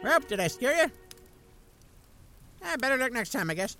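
A man's voice: extremely high pitch, moderate pace, loud music behind the voice, heavily acted, rough recording. A man playing a sardonic, folksy uncle who tells bedtime horror stories on a comedy radio show. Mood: spooky folksy. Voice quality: folksy drawl, dark deadpan asides. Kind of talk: comic radio-show storytelling.

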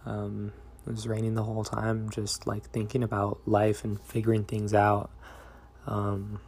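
A young man talking in a reflective, meandering, soft-spoken way in a confessional diary vlog. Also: lowish voice, monotone, measured pace, slightly rough. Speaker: vlogger.

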